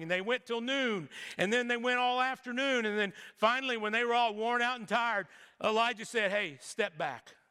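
A man's voice: very high-pitched, sharp tone, smooth. A middle-aged man preaching a sermon in a casual storytelling way, with jokes and asides. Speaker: pastor. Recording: long hall reverb.

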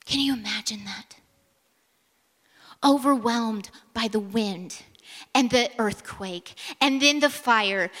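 Bright-voiced woman preaching in a hall. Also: a little high, takes it slowly. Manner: storytelling, acts out quoted dialogue, drops to a hush for emphasis. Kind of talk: sermon.

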